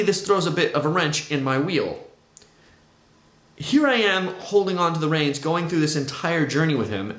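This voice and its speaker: A man talking through a personal testimony in a conversational, animated storytelling way. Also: medium pitch, echoey room. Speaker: vlogger sharing his testimony.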